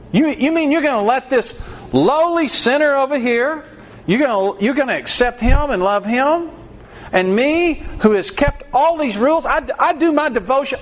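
A man's voice: extremely high pitch, a bit bright, voice pushed up, heavily acted. A man voicing a self-righteous, indignant older brother who stammers as he lists his own good deeds.

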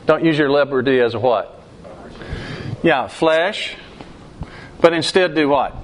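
A man with a fairly high voice preaches to his congregation, tossing them questions and acting out the lines he quotes. Faint background noise sits under the talk. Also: measured pace. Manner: asks the congregation questions, acts out quoted outbursts. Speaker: pastor. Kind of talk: interactive sermon.

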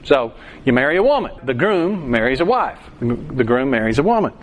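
Lively, animated male preacher. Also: medium pitch, moderate pace. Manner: animated preacher, acts out voices and sings a line. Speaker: pastor. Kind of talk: sermon.

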